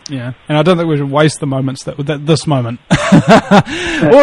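High voiced guy rambling on a call, swears a lot, dry close sound. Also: lively intonation, normal speed, no echo. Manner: rambling, swears, laughs at own stories. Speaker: podcast guest. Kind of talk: casual chat.

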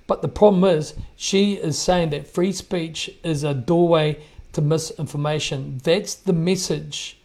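A man talks over clips on his podcast. His voice sits a little high and has a gravelly edge. He sounds indignant and hammers his points home by repeating them. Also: steady tone, a little slow, darkish tone. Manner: indignant, emphatic, repeats himself. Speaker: podcast host. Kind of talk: commentary on played clips.

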